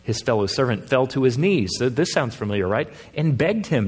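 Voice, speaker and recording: A man's voice: mid-range voice, animated, fairly quick, darkish tone, breathy edge, in a large hall. A man preaching a sermon as a pastor, reasoning earnestly with his congregation and pressing his points with rising emphasis.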